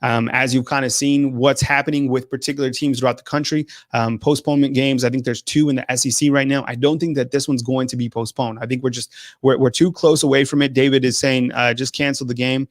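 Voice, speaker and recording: A man's voice: mid-range voice, steady tone, brisk, hardly any pauses, dry recording, studio quality. A man hosting a sports call-in show, talking hesitantly with many restarts. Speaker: host.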